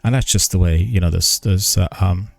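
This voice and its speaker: Older male streamer, deep voice, halting formal delivery, dry close sound. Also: creaky, no room sound. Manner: slow, halting, many ums and restarts; careful, formal enunciation. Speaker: gaming news streamer. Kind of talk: casual live-stream chat.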